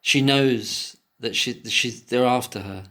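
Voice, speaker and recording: In an unhurried, mid-range voice with a fairly bright tone, a man reads an article aloud in a solo commentary. He keeps breaking off from the passages into emotional, outraged rants thick with swearing.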